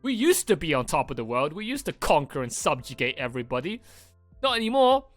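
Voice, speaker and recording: A man's voice: medium pitch, big pitch swings, quick pace, fairly bright tone, no room sound, faint music behind. A British man hosting an anime reaction, talking in a rambling, sarcastic way and swearing often. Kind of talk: casual reaction commentary.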